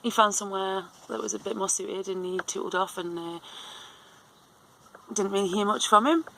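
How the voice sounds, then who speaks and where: A woman's voice: medium pitch, steady tone, moderate pace, gravelly, a bit bright, slight background noise, rough recording. A woman in her thirties telling a long story in a rambling, casual way, full of fillers and restarts. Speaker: vlogger.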